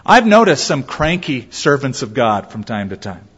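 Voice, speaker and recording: Animated preacher man in a reverberant hall. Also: mid-range voice, moderate pace, hardly any pauses, husky. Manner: animated preacher acting out quotes in voices. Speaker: pastor. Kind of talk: sermon.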